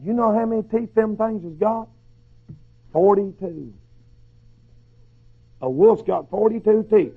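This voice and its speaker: A hoarse male preacher, shouting through a fiery sermon. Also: sits high, measured pace, long pauses. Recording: dull lo-fi recording.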